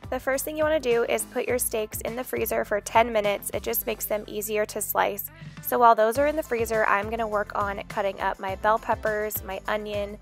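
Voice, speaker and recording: A woman with a slightly high voice chats in a lively, upbeat way as she vlogs around her home and yard. Recorded on a handheld camera, with soft music in the background. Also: fairly quick. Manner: chatty and upbeat, talks fondly to her dogs. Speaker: lifestyle vlogger. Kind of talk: casual home vlog chat.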